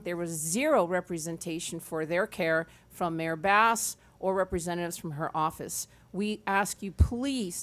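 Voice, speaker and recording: A woman giving an urgent, pleading public comment at a city budget hearing. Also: on the low side. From Los Angeles area.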